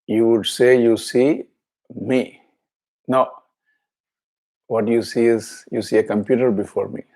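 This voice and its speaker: A man teaching a scripture class, explaining each word slowly and chanting verses twice. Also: medium pitch, fairly even intonation, warm tone.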